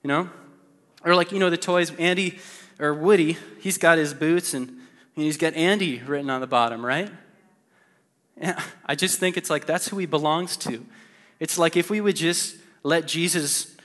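In a church sanctuary, a man with a fairly bright voice on the high side preaches a sermon at normal speed. He talks conversationally with many fillers, sometimes playful and sometimes earnest, and the recording carries long hall reverb with faint music.

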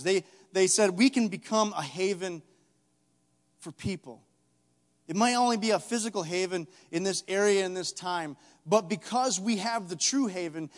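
Male preacher, high voice, impassioned swells and soft drops, reverberant church hall. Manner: building to loud impassioned calls, then dropping low. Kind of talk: sermon. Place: church sanctuary.

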